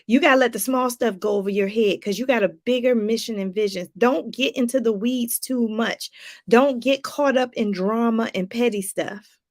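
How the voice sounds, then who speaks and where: A woman life coach with a high voice preaches at a normal speed in a motivational talk to viewers. She's preachy and repeats phrases for emphasis, speaking straight to her audience with casual asides.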